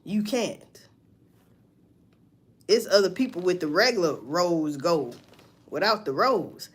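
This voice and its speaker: Animated woman gossiping on a livestream. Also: on the low side, takes it slowly, husky. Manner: profane, animated gossip with mocking asides. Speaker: livestream host. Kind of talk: casual livestream commentary.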